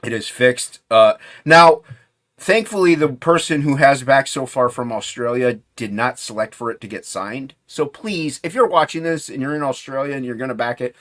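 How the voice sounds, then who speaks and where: A man's voice: mid-range voice, normal speed, a bit bright. A man chatting casually as a guest on a livestream, rambling and restarting his sentences, often trailing off into a mumble. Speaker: guest comic creator.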